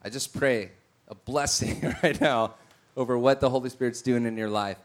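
A man's voice: medium pitch, moderate pace. A male preacher telling stories in a sermon, acting out the voices of the people in them. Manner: animated, acts out voices in his stories. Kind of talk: sermon with storytelling.

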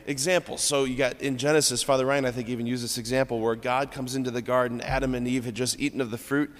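A man's voice: mid-range voice, level tone, fast, in a large hall. A man, a Catholic priest, giving a conversational homily at mass, informal and often checking in with "right?". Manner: acts out scripture lines in different tones. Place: church.

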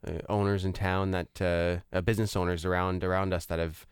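A man's voice: low-pitched, level tone, fairly quick, clear, resonant tone, dry recording, studio quality. A man, hosting a real estate talk show in a chatty way, with many fillers and restarts. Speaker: radio show host. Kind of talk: casual chat.

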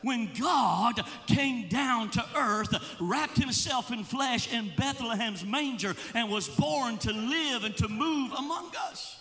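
A male evangelist preaching a sermon, impassioned, rising into shouts and sung, chanted phrases. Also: extremely high pitch, slow, hardly any pauses, in a large hall, faint music behind. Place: church sanctuary.

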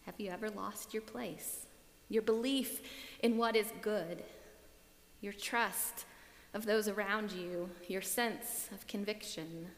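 A woman's voice: mid-range voice, takes it slowly. Reflective woman preaching in an echoey hall. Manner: reflective, with a repeated refrain. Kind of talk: sermon. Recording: echoey hall with long reverb.

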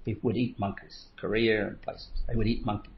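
A man's voice: lowish voice, little pitch movement, brisk, creaky. Middle-aged male coach, lo-fi recording. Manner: storytelling, acts out his own inner voice, chuckles often. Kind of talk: motivational talk. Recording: slightly dull lo-fi recording.

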